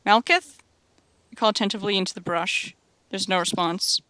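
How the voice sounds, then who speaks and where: Bright woman reading a game aloud. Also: medium pitch, steady tone, fast, no echo. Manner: playful, wry asides. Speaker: streamer. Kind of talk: reading a visual novel aloud.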